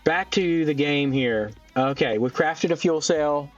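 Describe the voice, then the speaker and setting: A man casually narrating his own gameplay, thinking aloud and filling pauses with ums as he goes. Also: fairly high pitch, far from the mic. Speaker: gaming channel host. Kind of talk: casual let's-play commentary. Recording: dull lo-fi mic a bit off, faint music. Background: faint background music.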